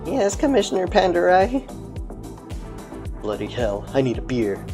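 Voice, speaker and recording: A man's voice: sits high, huge pitch swings, a little slow, a little mellow, soft background music, pitched above the performer's own voice, full character voice. A man doing a foul-mouthed Australian cop boss. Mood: blustering. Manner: swearing, blustering. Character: gruff crude male police commissioner.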